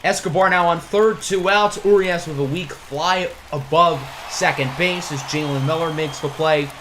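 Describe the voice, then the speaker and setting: A man giving play-by-play commentary over a video game, excitable on big plays with wry asides. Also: fairly high pitch, moderate pace, slight background noise. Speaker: gaming channel host.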